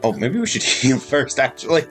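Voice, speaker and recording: Animated man casually commenting on a game. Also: mid-range voice, normal speed, faint music behind, poor audio. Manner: rambling, self-correcting explanations. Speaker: gameplay streamer. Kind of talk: casual let's-play commentary.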